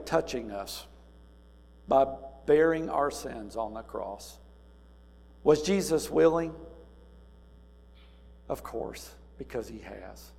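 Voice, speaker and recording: A man preaching a sermon, moving between quiet, musing passages and loud, emphatic cries. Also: mid-range voice, creaky. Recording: reverberant hall with faint mains hum.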